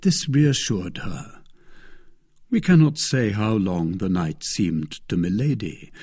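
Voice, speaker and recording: A man narrating a classic novel as an audiobook in a measured, expressive way. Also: on the low side, husky. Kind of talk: scripted narration.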